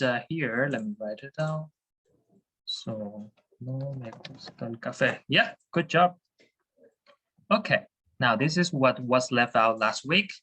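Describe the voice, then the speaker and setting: A teacher giving a Spanish lesson to students, patient and encouraging, explaining slowly with frequent fillers. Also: male voice, mid-range voice, pushed and bright, rough recording. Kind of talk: online class teaching.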